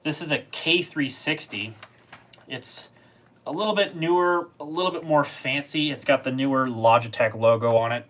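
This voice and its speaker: A man hosting a casual livestream about computer gear, talking in a rambling, relaxed way with lots of filler words. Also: mid-range voice, normal speed. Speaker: livestream host.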